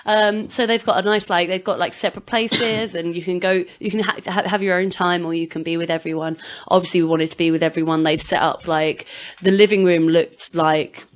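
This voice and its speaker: A woman's voice: lowish voice, fairly even intonation, a little fast. A woman co-hosting a podcast, recounting a trip in meandering casual chat full of fillers. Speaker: podcast co-host.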